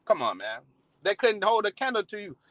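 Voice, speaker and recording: A man's voice: high voice, sing-song, fairly quick, fairly bright tone, dry recording, low-quality recording. A man preaching in a casual, heated style, swearing often and restarting his sentences. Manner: heated, profane, many restarts. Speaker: street preacher. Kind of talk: casual sermon with profanity.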